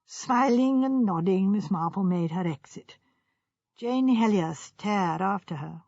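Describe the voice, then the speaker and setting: Woman, audiobook narration, measured, breathy, dry lo-fi sound. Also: mid-range voice, lively intonation, darkish tone, no echo. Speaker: audiobook reader. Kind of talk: scripted narration. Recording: dull lo-fi recording.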